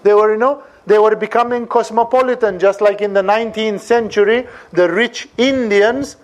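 Animated higher-voiced man lecturing. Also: moderate pace. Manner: animated, rhetorical, asks "No?" for agreement. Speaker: spiritual teacher. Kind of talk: lecture on scripture.

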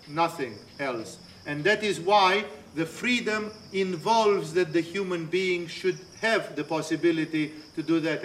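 A man's voice: fairly high pitch, a bit bright, slight background noise. A man teaching a spiritual lecture, earnest and storytelling, weaving anecdotes into his points. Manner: storytelling, earnest, acts out quoted voices.

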